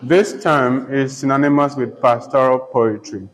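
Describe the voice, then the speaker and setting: A man's voice: mid-range voice, fairly even intonation, a little slow, low-quality recording. A man teaching a poetry lesson, repeating each term several times and spelling words out letter by letter. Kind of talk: slow poetry lesson with dictation.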